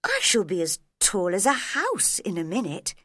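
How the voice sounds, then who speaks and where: A woman voicing a curious young girl in a storybook reading, bright and lightly fretful as she wonders aloud. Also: mid-range voice, huge pitch swings, moderate pace, no echo, clean studio sound. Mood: wondering.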